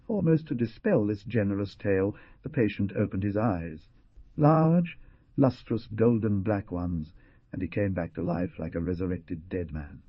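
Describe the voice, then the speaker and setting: Low, husky male audiobook narrator. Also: lively intonation, normal speed, no room sound, highs cut off. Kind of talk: scripted narration.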